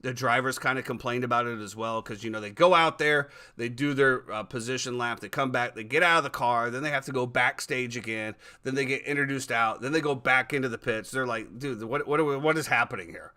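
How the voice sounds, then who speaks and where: A man hosting a casual podcast, telling animated stories and often repeating his words. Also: mid-range voice, brisk, few pauses. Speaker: podcast host.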